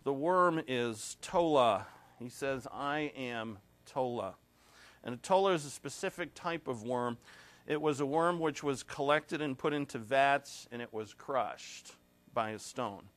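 A man's voice: medium pitch, a bit bright, dry recording. A man preaching an expository sermon, reading scripture aloud with rising emphasis and growing emotional at times. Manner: emotional, clears throat and pauses. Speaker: pastor.

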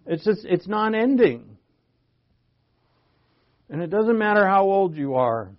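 Casting: male preacher, fifties, slightly high voice, chatty rhetorical delivery, muffled lo-fi sound. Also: big pitch swings, takes it slowly. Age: 50s. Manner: conversational, rhetorical questions, frequent restarts. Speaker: pastor. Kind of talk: sermon, Bible teaching. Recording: dull lo-fi recording.

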